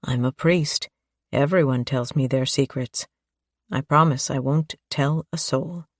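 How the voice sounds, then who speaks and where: A woman voicing a gentle, soft-spoken male priest in an audiobook, often dropping to a whisper. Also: rumbling low, unhurried, dry recording, studio quality, exaggerated voice.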